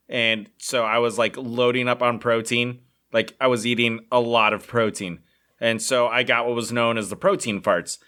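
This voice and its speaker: Bright-voiced chatty man, podcast co-host. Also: mid-range voice. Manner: rambling storyteller, many "like" fillers. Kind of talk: casual chat.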